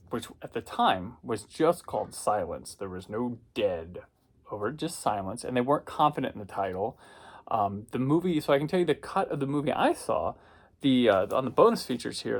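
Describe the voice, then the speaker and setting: A man who reviews home video discs, casually telling a rambling anecdote and often correcting himself as he goes. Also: medium pitch. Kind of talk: casual storytelling.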